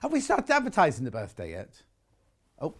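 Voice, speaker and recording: A man's voice: a little high, wildly swooping pitch, fairly quick. A man presenting live shopping television, chatting and bantering with his co-workers. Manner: chatty, bantering, chuckling asides.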